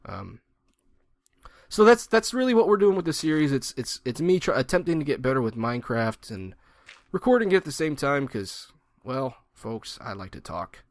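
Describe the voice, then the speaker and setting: A man's voice: mid-range voice, sing-song, moderate pace, no room sound, clean studio sound. A man in his twenties giving rambling, joking gameplay commentary and mocking himself. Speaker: gaming channel host.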